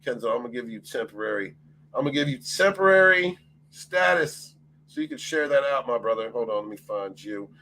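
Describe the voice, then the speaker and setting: A man's voice: mid-range voice, animated, fairly quick, sharp tone, slight background noise. A man hosting a casual livestream, greeting his chat by name, laughing often and swearing freely. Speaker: livestream host.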